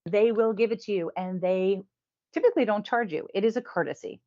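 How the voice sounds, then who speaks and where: A woman's voice: mid-range voice, darkish tone, muffled recording. Chatty woman hosting a review show. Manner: chatty, laughs often, quick asides. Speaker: host. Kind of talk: casual weekly review show.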